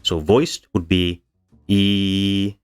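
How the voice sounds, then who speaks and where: A man's voice: deep voice, a little slow. A man presenting a linguistics lecture from slides, explaining step by step with frequent ums and self-corrections. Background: soft bossa music.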